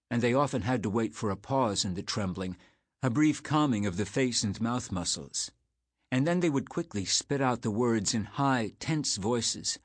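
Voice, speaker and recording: A man narrating an audiobook in a measured, unhurried way. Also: medium pitch, no echo.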